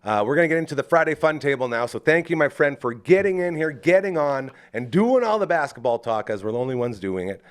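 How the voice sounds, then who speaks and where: A man hosting a casual live talk show, lively and joking as he hypes up his guests. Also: fairly high pitch, fast talker, hardly any pauses. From Canada. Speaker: host.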